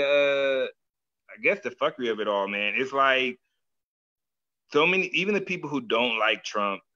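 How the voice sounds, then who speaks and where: A man hosting a casual chat with a bright, forceful voice, loose, slangy and animated, often acting out what others say. The audio sounds dull and lo-fi. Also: fairly low pitch. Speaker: podcast host.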